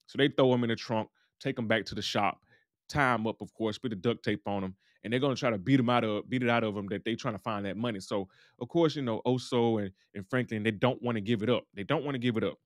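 Speaking fast in a fairly low voice, a man loosely recaps a TV episode and acts out what the characters say. It's a casual monologue with studio-quality sound and no room sound.

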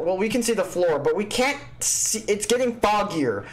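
A man gives loose gaming commentary, swearing freely and joking as he plays. His voice sits high for a man. He sounds excitable and quick to react. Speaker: let's play host.

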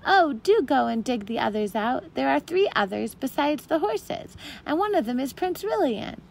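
A woman voicing a frantic high schoolgirl. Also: very animated, normal speed, gravelly, a little hiss or hum, heavily acted. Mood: urgent. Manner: breathless, urgent calling. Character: excited young English schoolgirl.

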